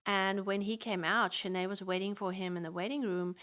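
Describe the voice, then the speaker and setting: A woman, a guest, telling a personal family story in conversation, animated and acting out what others said. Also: mid-range voice, fairly quick.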